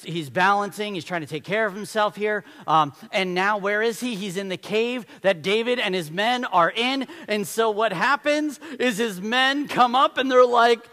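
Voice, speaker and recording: A male pastor delivering a sermon, telling a Bible story with lively storytelling and acted-out voices. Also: on the high side, big-room sound. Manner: animated storytelling, acts out voices.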